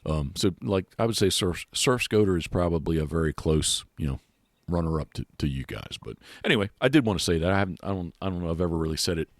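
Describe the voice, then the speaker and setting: A man's voice: low voice, animated, fast talker, no room sound, clean studio sound. A man hosting a podcast in casual chat, rambling with many restarts and fillers. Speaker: podcast host. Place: outdoors.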